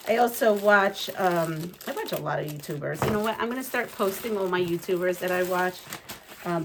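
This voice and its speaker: A woman chatting casually as a quilting vlogger, gushing and excitable, rambling with lots of fillers. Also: medium pitch, a little hiss or hum. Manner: gushing and excitable, gasps and giggles. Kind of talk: casual unboxing chat.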